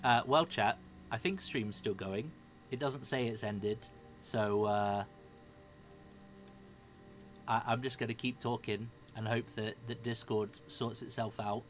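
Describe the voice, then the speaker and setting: A man running a streamed tabletop game, reading a character's demands slowly and deliberately, then chatting casually with players about connection problems. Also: on the low side, a little hiss or hum. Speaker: dungeon master.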